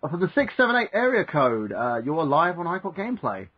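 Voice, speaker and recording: A man hosting an internet radio show in a jokey, lively way. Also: a little high, a little fast, breathy edge, muffled recording. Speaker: host.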